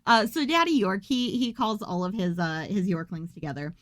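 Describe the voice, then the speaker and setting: A woman's voice: medium pitch, moderate pace, a bit bright, no room sound. Joking, foul-mouthed woman podcast host. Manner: joking, profane, rambling asides. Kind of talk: casual movie recap.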